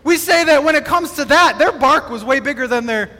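A pastor from Wisconsin preaches in a lively, conversational way. His voice is very high, bright and forceful, and it rings with the long reverb of a large hall. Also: a little fast. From Wisconsin, USA. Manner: animated, conversational, acts out quotes. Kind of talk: sermon.

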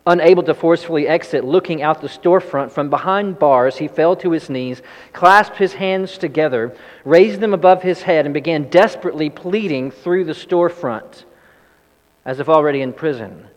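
A man preaching a sermon, telling a story and acting out desperate pleas in a heightened voice before leading a prayer. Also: moderate pace. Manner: storytelling, acts out quoted pleas with rising pitch. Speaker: pastor. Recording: long reverb of a large hall.

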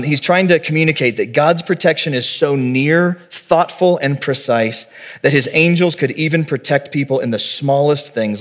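A man in his forties preaches a sermon with a voice of ordinary, middle pitch. He talks to the congregation in a relaxed, earnest way. He moves easily between teaching and vivid personal storytelling. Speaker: pastor.

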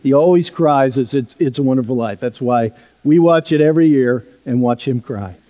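Storytelling preacher in a reverberant hall. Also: male voice, mid-range voice, moderate pace. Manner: conversational storytelling with sudden soft drops. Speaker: pastor. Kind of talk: sermon. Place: church sanctuary.

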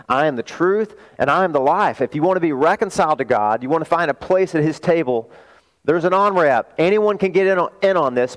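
A male pastor delivers a sermon to his congregation in an emphatic preaching manner. His voice sits at a middle pitch, and he keeps asking the room rhetorical questions. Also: low-quality recording.

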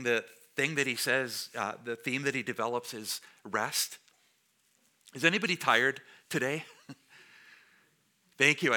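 Standing before his congregation in church, a man delivers a sermon as their pastor. His mid-range voice carries a bright, forceful tone, and he keeps it conversational, trading jokes with the crowd.

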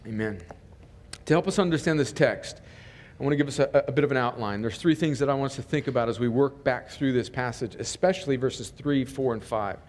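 A man's voice: mid-range voice, fast talker, darkish tone. A man speaking as a pastor in a church, praying and then preaching a sermon in an earnest way, often restarting his words. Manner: earnest, with frequent small restarts. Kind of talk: sermon with opening prayer. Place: church sanctuary.

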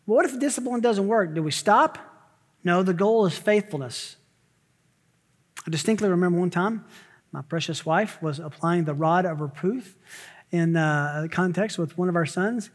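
A pastor preaching from the pulpit, a man with a notably high voice. He talks emphatically, jumping into sharp rising exclamations and quick asides. His words ring out with a long reverb through a church sanctuary. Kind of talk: sermon.

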